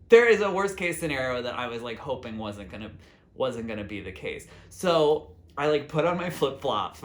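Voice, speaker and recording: A man's voice: medium pitch, a bit bright. A man hosting his own vlog, telling a story in a casual, rambling way, full of "like" and quoting his own thoughts. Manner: rambling, full of "like" fillers and self-quotes. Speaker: vlog host.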